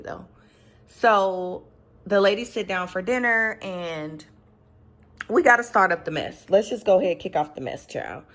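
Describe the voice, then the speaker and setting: Chatty woman recapping reality TV. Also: medium pitch. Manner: chatty and opinionated, acts out quotes from the cast. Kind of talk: casual recap commentary.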